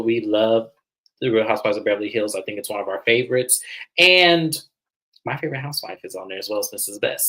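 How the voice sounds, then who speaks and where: A man's voice: medium pitch, a bit bright, poor audio. Man host, casual reality TV recap, chatty and dramatic, talks to viewers like friends.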